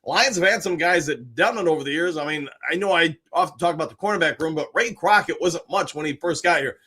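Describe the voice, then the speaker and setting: Man, live-stream host, high voice, bright tone, chatty, greets viewers by name. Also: a little fast, breathy edge. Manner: chatty, reads viewer comments aloud with greetings. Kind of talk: casual live-stream chat reading comments.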